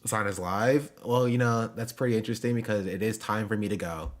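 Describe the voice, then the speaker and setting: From home, a young man chats with his live-stream audience in a low, easygoing voice at a fairly quick pace. He jokes around, drops in slang, and wanders between topics, using lots of fillers.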